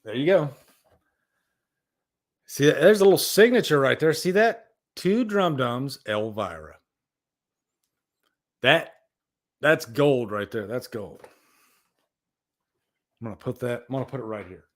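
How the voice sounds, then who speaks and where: A man's voice: mid-range voice, lively intonation, unhurried, long pauses. A man hosting a casual live stream, rambling with enthusiasm and talking to viewers in the chat. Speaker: livestream host.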